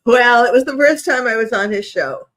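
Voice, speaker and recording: A woman who is a psychiatrist, appearing as a guest on a talk stream and answering in a hesitant, halting way. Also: fairly high pitch, a bit bright. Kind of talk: interview.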